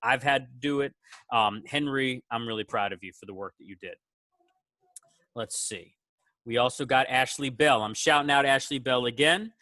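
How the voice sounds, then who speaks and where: Bright-voiced male teacher praising students. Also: medium pitch, normal speed, no room sound. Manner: warm, animated praise with quoted student voices. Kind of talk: casual award speech on a video call.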